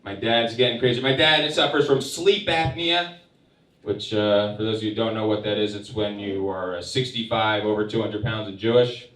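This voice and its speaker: A young man performing a stand-up comedy set, telling stories in a wry, deadpan way with sarcastic asides. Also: lowish voice, normal speed. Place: comedy club stage. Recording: echoey room picked up from a distance.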